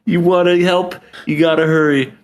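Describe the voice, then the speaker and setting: A man voicing a brash, loud mother who yells mocking taunts at her son. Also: lowish voice, steady tone, moderate pace, a little hiss or hum, pitched above the performer's own voice, close to an everyday voice. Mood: taunting. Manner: mocking, yelling.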